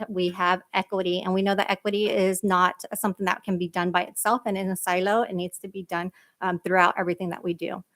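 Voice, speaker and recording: Earnest woman presenting at a board meeting. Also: medium pitch. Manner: earnest, emphatic, frequent fillers. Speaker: school district equity director.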